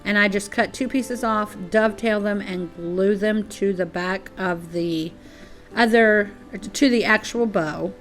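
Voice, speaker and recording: A woman's voice: medium pitch, moderate pace. A woman hosting a casual craft tutorial, chatty and apologetic and a little out of breath. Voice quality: chatty, apologetic, uses y'all. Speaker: DIY crafts channel host. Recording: soft music behind.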